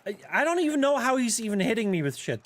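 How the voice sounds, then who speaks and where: A man streaming a game, giving profane, trash-talking, excitable commentary on the match. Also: very high voice, fast talker. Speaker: gaming streamer. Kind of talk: live gameplay commentary.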